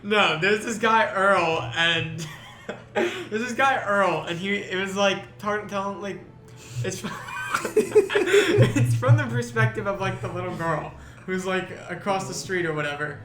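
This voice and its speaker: A young man in casual chat, retelling a school story in a giggly, halting way. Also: sits high, animated, reverberant, music in the background. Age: young adult. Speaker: co-host.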